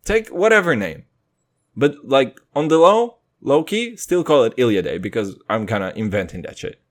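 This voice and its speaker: A man's voice: medium pitch, very animated, normal speed. Rambling, swearing young man podcaster. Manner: rambling, swearing, jumps between loud and quiet, mock voices and singing. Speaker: podcast host. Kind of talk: casual profane monologue.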